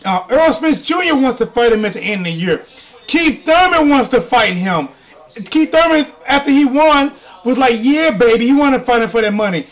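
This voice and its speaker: Man, very high voice, excitable sports host, repeats lines, talks to viewers. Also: moderate pace. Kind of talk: live reaction and recap commentary.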